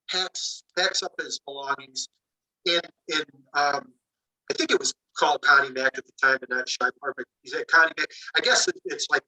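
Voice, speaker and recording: A man speaks well away from the microphone, his voice high-ish and very bright. He tells his story loosely, with plenty of "you know" and "like," slipping into quoted dialogue as he goes. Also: distant mic, low-quality recording. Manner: animated anecdote-telling, acting out dialogue, many fillers. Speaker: author. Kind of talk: casual storytelling.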